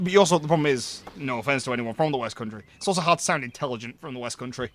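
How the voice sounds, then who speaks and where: A man's voice: medium pitch, very fast, hardly any pauses, fairly bright tone. A man chatting casually while streaming a game, rambling with lots of ums and asides.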